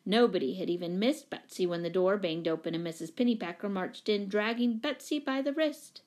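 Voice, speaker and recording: A woman reading a children's novel aloud in a calm, even storytelling voice. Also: fairly low pitch, fairly quick. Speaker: audiobook reader.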